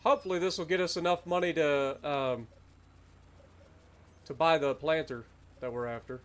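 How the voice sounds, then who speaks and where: In casual gameplay commentary, a man streams a farming game, chatty and rambling as he talks to his viewers while playing. His voice is a little high and a bit bright, steady in tone, at normal speed.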